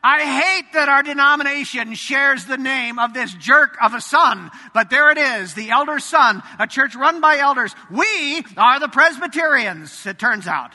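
High, bright-voiced preacher in a sanctuary. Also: male voice, expressive, measured pace, few pauses. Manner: dramatic, swings between loud emphasis and hushed asides. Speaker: pastor. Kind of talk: sermon. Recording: reverberant sanctuary.

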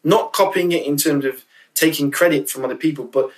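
A man's voice: on the high side, fairly quick, recorded from a distance, low-quality recording. A man speaking as a podcast guest, candid and emotional, often restarting and repeating words as he talks. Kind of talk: casual interview chat.

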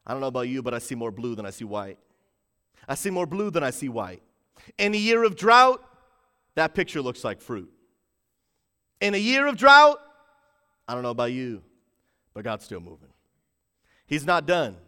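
A man preaching to a livestream church audience, building hype and calling on the chat to respond, swinging from loud bursts to low, intent emphasis. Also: lively intonation, a little fast, long pauses, big-room sound. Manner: rises to shouting in bursts, drops low to stress points. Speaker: pastor.

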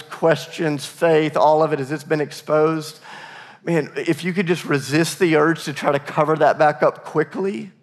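Earnest pastor preaching in a reverberant hall. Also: male voice, fairly high pitch. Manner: earnest, repeats words, varies pace for emphasis. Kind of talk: sermon. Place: church sanctuary. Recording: long reverb of a large hall.

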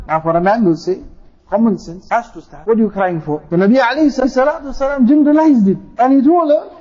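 A man's voice: very high-pitched, steady tone, a little fast, mellow, dull audio. A man, a mufti, preaching a sermon, repeating phrases for emphasis and reciting Arabic quotations. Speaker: mufti giving a talk.

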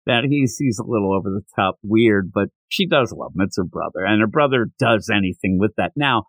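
Here a podcast host with a medium-pitched voice, on poor audio with no echo, casually recaps a manga chapter. His retelling is animated, with quoted character lines.

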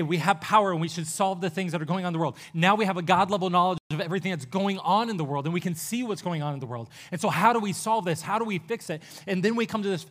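Male pastor, slightly high voice, conversational sermon delivery, earnest, with quick bursts and pauses.

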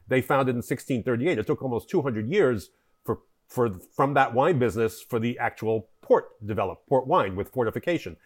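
A man guest on a podcast, speaking at a middling pitch. He explains at length in a loose, rambling way, restarting sentences and filling pauses as he goes. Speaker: wine importer, guest. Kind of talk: conversational interview.

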